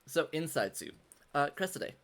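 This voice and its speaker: Brief: slightly high-voiced man, game master on a video call, halting delivery. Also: lively intonation, background noise. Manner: halting, filler-heavy narration. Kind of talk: narrating a tabletop game online.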